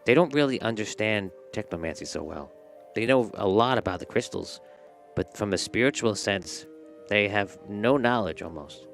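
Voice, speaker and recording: A man narrating as game master of a tabletop role-playing game, rambling and relaxed with many fillers. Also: fairly low pitch, moderate pace, faint music behind.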